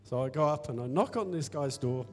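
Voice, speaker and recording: Animated and brisk, his voice mid-range, a church elder gives a candid personal account of faith during a church service, complete with quoted inner dialogue and self-deprecating humor. The church hall recording is echoey, with faint music in the background.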